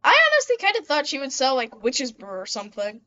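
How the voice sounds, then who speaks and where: A woman's voice: sits high, sing-song, fast, pushed and bright, highs cut off. A woman giving let's-play commentary, chatty and talking back to the game characters as she plays. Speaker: gamer.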